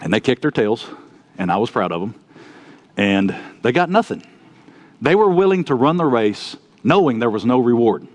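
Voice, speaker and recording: A man preaching a sermon, telling folksy stories and swinging between loud outbursts and quiet asides. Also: mid-range voice, sing-song, moderate pace. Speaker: pastor.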